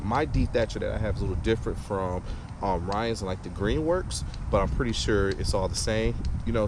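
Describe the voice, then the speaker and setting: A man hosting a casual lawn-care vlog in his backyard, chatty and laid-back, hyping himself up. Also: lowish voice. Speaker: lawn care channel host. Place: backyard, outdoors. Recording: outdoor noise.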